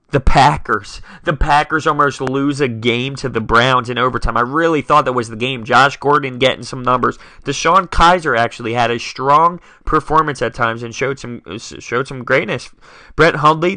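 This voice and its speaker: Young man with a bright, dry voice. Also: mid-range voice, no room sound. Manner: dramatic, self-mocking, rattling off scores. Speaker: podcast host. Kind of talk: solo sports talk podcast.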